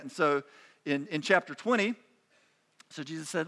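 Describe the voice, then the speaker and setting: Guy preaching, kinda high pitched, talks casual and emphatic, stumbles and restarts a lot. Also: expressive, fast talker, pushed and bright. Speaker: pastor. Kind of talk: sermon.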